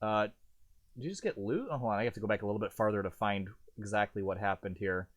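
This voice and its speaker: A man calling an online truck race as lead commentator, chatty and self-deprecating, jumping up in pitch when the action picks up. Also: fast talker, no echo. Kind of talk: sim racing play-by-play commentary.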